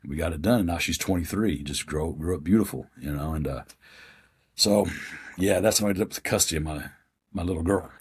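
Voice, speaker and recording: A man's voice: deep voice, a little fast, breathy edge. A man in his fifties, a podcast guest telling his life story in a plain-spoken, earnest way. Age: 50s.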